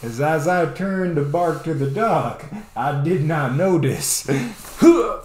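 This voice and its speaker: A man vlogger telling a comedic personal story in a playful, animated way. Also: fairly high pitch, takes it slowly, reverberant. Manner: animated, playful delivery with sound effects.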